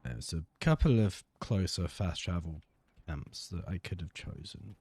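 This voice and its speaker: A man's voice: sits low, normal speed, darkish tone, slightly rough. A man giving laid-back let's play commentary, muttering to himself with dry asides. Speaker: gamer.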